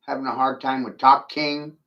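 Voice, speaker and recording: A man's voice: medium pitch, flat delivery, moderate pace, bright, forceful tone, muffled recording. A man in a rambling, taunting monologue, brash and profane, laughing at his own jokes. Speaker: vlogger ranting to camera.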